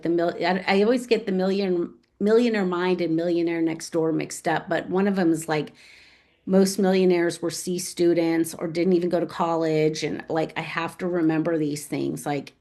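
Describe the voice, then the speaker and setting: Animated woman telling her own story. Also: sits low. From United States. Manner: animated, acts out remembered dialogue. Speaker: guest author and real estate agent. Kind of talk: casual interview storytelling.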